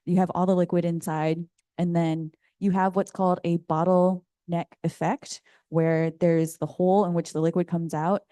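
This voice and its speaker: Mellow, smooth-voiced woman advocate. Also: fairly low pitch, flat delivery, normal speed, hardly any pauses, no room sound, studio quality. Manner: casual, chatty, explains with images. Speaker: community advocate. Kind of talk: panel discussion remarks. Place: conference room.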